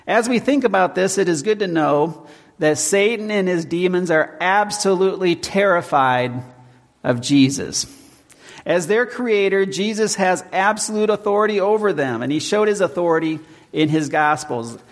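A pastor preaching a sermon in measured tones, slowing down to read scripture and hymn verses. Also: male voice, high voice, expressive, big-room sound.

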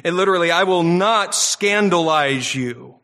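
Bright-voiced man preaching with emphatic peaks. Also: high-pitched, animated. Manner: preaches with rising emphatic peaks and dramatic pauses. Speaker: pastor. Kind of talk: expository sermon.

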